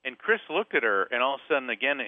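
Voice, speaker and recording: A man's voice: mid-range voice, racing, dry recording. Man telling a story over a phone line. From Central Florida. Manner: animated storyteller acting out voices. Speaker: guest author and medium. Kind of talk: storytelling interview.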